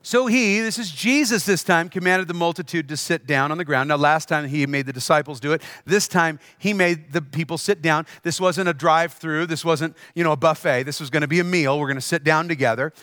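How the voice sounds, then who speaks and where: A man's voice: fairly high pitch, fairly quick, hardly any pauses, bright, forceful tone, dry recording, studio quality. A man preaching a sermon as pastor, telling stories and repeating key phrases for emphasis.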